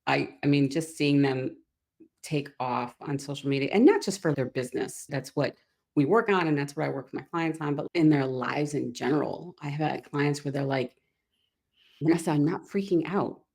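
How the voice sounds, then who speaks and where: Upbeat low-pitched woman, guest coach on an interview show. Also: moderate pace, creaky, darkish tone. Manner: upbeat and chatty, often laughs. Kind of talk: casual podcast interview.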